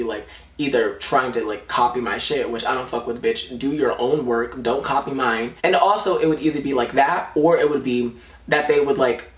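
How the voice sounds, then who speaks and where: A man's voice: medium pitch, a bit bright. A young man telling a storytime vlog in a sassy, dramatic way, swearing a lot. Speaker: vlogger. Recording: roomy sound, mic at a distance.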